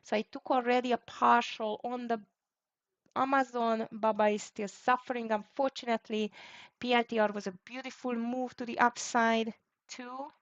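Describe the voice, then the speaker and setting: A woman's voice: fairly high pitch, fairly even intonation, normal speed. Woman narrating her live stock trades. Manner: running commentary on trades, frequent fillers and sighs of disappointment. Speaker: day-trading livestream host. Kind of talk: live trading commentary. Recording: dull lo-fi stream audio.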